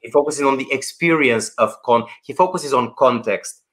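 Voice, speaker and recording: A man being interviewed over a video call, talking about presenting online in an animated, emphatic way. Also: mid-range voice, normal speed. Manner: animated, emphatic, acts out anecdotes. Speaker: guest, presentation coach.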